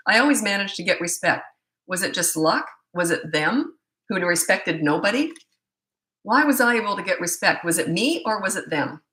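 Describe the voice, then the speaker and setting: A woman's voice: medium pitch, expressive, sharp tone, reverberant, poor audio. A middle-aged woman, a parenting coach, answering viewer questions on a live stream in a blunt, opinionated way. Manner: blunt and opinionated, quick asides.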